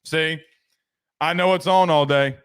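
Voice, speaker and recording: A man's voice: fairly high pitch, steady tone, unhurried, a bit bright, clear, resonant tone. A man hosting a sports podcast, chatting loosely and reading viewer comments, with frequent restarts and casual swearing.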